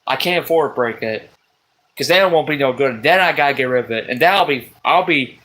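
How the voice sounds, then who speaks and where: A man, ranting on a live stream from a table at home, exasperated, swearing often and breaking into loud outbursts. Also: mid-range voice, lively intonation, fairly quick, poor audio. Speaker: livestream host. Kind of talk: rambling live-stream rant.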